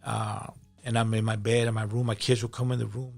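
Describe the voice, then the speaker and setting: Gravelly-voiced male pastor telling his testimony. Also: lowish voice, flat delivery, brisk. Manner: emotional, repeats words when moved. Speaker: pastor, podcast guest. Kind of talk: personal testimony in conversation.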